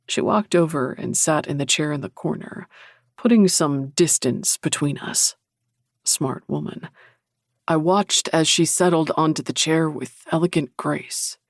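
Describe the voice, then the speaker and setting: A man narrating a paranormal romance audiobook in the first person, with a low, even, intimate delivery. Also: unhurried, creaky, dry recording, studio quality.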